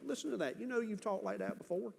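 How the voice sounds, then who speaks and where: Emphatic preacher in a reverberant church. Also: male voice, high-pitched, vocal fry, darkish tone, a little hiss or hum. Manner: earnest, emphatic preaching with dramatic pauses. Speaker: pastor. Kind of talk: sermon. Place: church sanctuary. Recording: church hall reverb, faint ambience.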